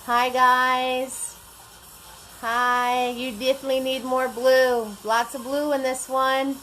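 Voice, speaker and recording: A woman's voice: high voice, flat delivery, slow pace, fairly bright tone, poor audio. A woman hosting a live painting class, chatting with viewers and greeting them by name as she works. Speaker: paint party instructor. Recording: faint music behind.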